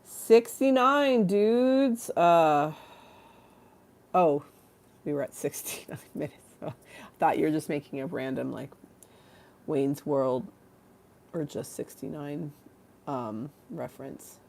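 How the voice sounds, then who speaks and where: Low-voiced, tired, rambling woman host. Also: fairly even intonation, unhurried, creaky, long pauses, warm tone. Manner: rambling, self-mocking, laughs often, reads chat aloud. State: tired, yawning. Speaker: livestream talk show host. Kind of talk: casual livestream chat.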